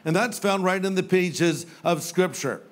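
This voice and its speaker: Older male pastor preaching, light and funny, voice a touch high. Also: a little slow. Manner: humorous storytelling with playful quoted voices. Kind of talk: sermon. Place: church sanctuary with live audience.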